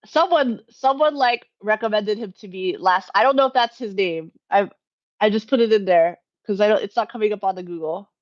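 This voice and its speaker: A woman at a middle pitch chats casually on a livestream from home, wandering off track and correcting herself. She laughs easily and talks straight to her viewers. The sound is a little dull and lo-fi. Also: brisk. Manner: rambling, self-correcting, chatty with frequent laughs. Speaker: livestream host. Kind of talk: casual live Q&A chat.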